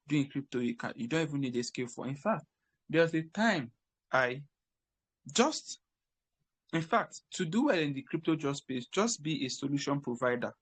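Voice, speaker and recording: An emphatic man from Africa coaches listeners on crypto jobs. His voice sits at a middle pitch, and he repeats key phrases as he restarts his sentences. The recording is dry and close, with no room sound. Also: fairly bright tone, dry recording. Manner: repetitive, emphatic, frequent restarts. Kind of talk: casual advice talk.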